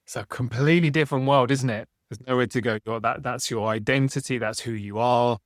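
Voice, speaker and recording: A man's voice: mid-range voice, fairly even intonation, brisk, no echo, clean studio sound. A man hosting a podcast, talking in a reflective, conversational way and often ending with tag questions. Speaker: podcast host. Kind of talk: casual conversation.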